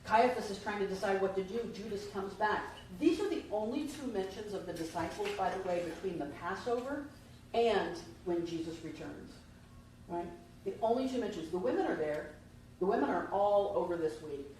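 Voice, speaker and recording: A woman's voice: mid-range voice, animated, normal speed, darkish tone. A woman minister, giving a conversational Easter sermon and asking the congregation questions, heard from a distant mic in a church. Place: church sanctuary. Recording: distant mic, very echoey hall, faint noise.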